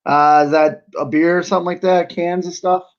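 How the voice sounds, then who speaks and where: A man, a pro wrestler, chatting casually as a podcast guest, laid-back and quick to laugh, with lots of "you know" in his talk. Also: high voice, level tone, dull audio.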